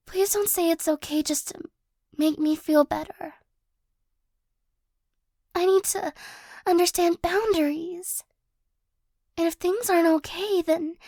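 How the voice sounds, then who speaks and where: A woman performs an ASMR role-play as a remorseful young former girlfriend, apologizing in a halting, hesitant way with little nervous laughs. Her exaggerated voice is extremely high yet mellow. There is no echo.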